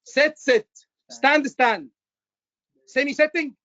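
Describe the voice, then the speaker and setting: Man, exam tutor, animated, repetitive, muffled lo-fi recording. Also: very high voice, takes it slowly. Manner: animated, repetitive, acts out doctor lines. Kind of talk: live teaching session.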